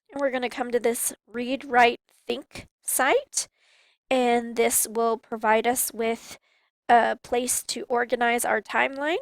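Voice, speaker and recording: Calm woman teacher explaining a project. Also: a little high, no echo, poor audio. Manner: calm, explanatory, addresses students. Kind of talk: classroom instruction video.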